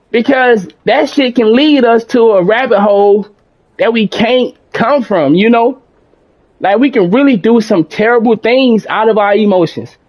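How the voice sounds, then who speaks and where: A man streaming games, talking in a calm, rambling, self-reflective way, with many restarts and some casual swearing. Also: high voice, muffled recording. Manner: casual speech with mild swearing. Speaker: gaming streamer.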